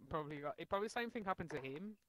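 A man's voice: on the high side, expressive, very fast, noisy background. A man chatting casually with a streamer over a headset, telling stories loosely and swearing. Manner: loose, profane storytelling. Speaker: stream guest. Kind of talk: casual chat.

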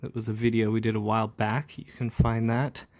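A comic book inker with a fairly low, level, slightly mellow voice talks a little fast. He chats casually while working through an inking demonstration step by step, using plenty of fillers in this relaxed ink-along tutorial.

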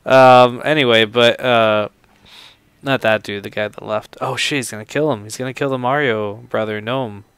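A man's voice: mid-range voice, steady tone, moderate pace, a bit bright, smooth, no room sound. A man hosting a game playthrough, telling stories and reacting in a rambling, laughing way, swearing often. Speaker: let's play host. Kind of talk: casual gameplay commentary.

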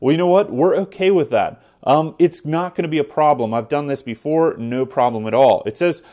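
A man's voice: fairly high pitch, a little fast, few pauses, dark tone. A man hosting a casual tech tutorial, talking through each step in an easygoing way with frequent fillers. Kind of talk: casual screen walkthrough.

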